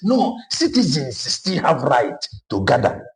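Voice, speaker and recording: A man's voice: medium pitch, lively intonation, fairly quick, vocal fry. A man with a Nigerian Igbo accent giving an impassioned political monologue, moving between Igbo and English with emphatic repetition. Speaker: online political commentator.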